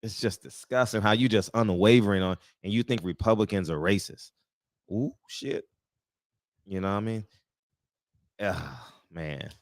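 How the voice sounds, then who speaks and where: A man's voice: lowish voice, normal speed, long pauses, no echo, clean studio sound. A man hosting a casual talk show, speaking bluntly and profanely, often laughing at his own jokes. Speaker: podcast host.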